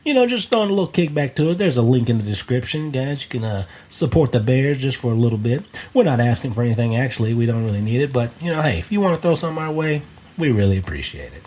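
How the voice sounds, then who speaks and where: A man's voice: mid-range voice, big pitch swings, quick pace, darkish tone. A man hosting a movie podcast, reading the intro and chatting loosely. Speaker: podcast host. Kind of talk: scripted show intro and casual chat.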